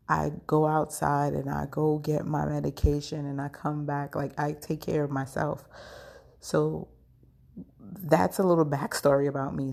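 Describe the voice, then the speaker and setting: A woman's voice: low voice, vocal fry, a little mellow. A woman podcast host telling a personal story in a casual, chatty way, full of fillers and frank asides.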